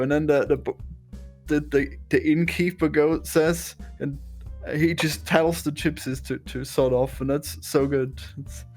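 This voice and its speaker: Guy with a slightly high voice, stumbles and restarts while telling film scenes. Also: measured pace, faint music behind. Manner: hesitant, restarts, animated storytelling. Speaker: podcast co-host. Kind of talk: casual chat about a film.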